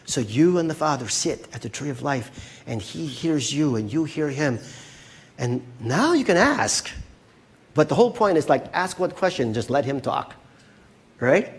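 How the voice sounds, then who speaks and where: Animated, conversational male pastor preaching. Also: fairly high pitch, a little slow. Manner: conversational and animated, checks in often with "right?". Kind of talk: sermon.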